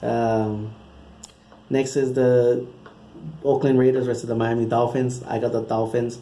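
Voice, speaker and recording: A man's voice: medium pitch, level tone, unhurried, dark tone. A man hosting his own channel, talking through his football predictions in a casual, rambling way with frequent restarts. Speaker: channel host giving football picks.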